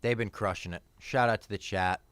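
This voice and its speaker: A man's voice: on the low side, fairly even intonation, brisk, a bit bright, clean tone, dry recording. A tired man hosting a long live stream, laid-back and reading out chat messages.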